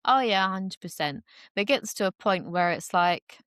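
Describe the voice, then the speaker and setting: A woman's voice: mid-range voice, expressive, normal speed, fairly bright tone, no echo, studio quality. A young woman talking openly as a podcast guest, chatty and full of fillers, acting out the voices she quotes. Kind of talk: casual conversation.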